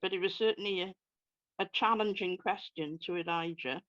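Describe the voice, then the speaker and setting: A speaker explaining a Bible passage in a measured, expository way with light touches of humor. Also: mid-range voice, a bit bright, dry recording, lo-fi sound. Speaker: Bible study co-presenter. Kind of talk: conversational Bible study discussion.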